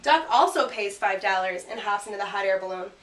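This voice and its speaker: A woman teacher giving a grammar lesson and reading a picture book aloud, speaking clearly and punching out the sound words. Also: medium pitch, expressive, a little fast, fairly bright tone. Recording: roomy sound from a distant mic.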